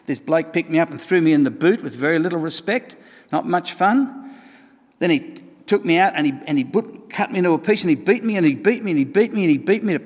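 A man's voice: fairly high pitch, expressive, brisk, big-room sound. A man voicing a talking clay cup that tells of its painful making, crying out and whispering dramatically. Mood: rueful. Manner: dramatic storytelling, cries out and whispers.

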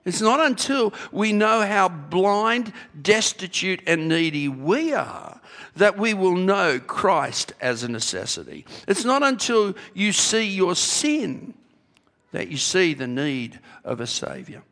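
A man's voice: high voice, very animated, slow, pushed and bright. A man preaching a sermon to a congregation in a church, emphatic, with rhetorical questions and repeated key phrases. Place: church sanctuary. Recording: long hall reverb.

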